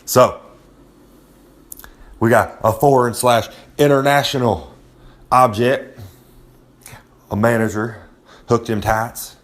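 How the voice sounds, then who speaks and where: A man's voice: mid-range voice, steady tone, slow pace, pauses often. A man giving a casual, swaggering monologue of tips as a recurring segment presenter, talking loose and streetwise and repeating himself for effect. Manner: swaggering, loose, repeats "I'm just saying", streetwise slang.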